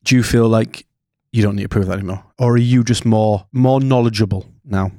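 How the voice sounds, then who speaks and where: A man's voice: fairly low pitch, steady tone, fairly quick, warm tone, no echo. A man hosting a podcast in a studio, chatty and casual, swearing now and then. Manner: chatty, swears casually, acts out his inner voice. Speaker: podcast host. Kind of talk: casual interview chat.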